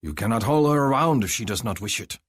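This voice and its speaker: A man's voice: on the low side, animated, fast, husky, no echo, studio quality. A man voicing a stern but good-natured male alien chieftain who gives orders in an audiobook. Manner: warning, commanding. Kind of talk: audiobook character voice.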